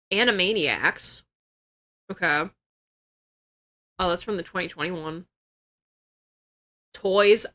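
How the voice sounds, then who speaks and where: A woman's voice: fairly low pitch, bright, forceful tone. Casual swearing woman streamer. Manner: swears freely, exclaims in disbelief. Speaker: livestreamer. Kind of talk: casual chat.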